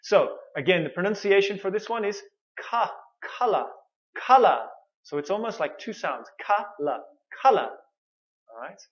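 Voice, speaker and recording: A woman's voice: medium pitch, lively intonation, normal speed, highs cut off. A woman teaching English pronunciation in an online lesson, drilling words syllable by syllable with careful repetition.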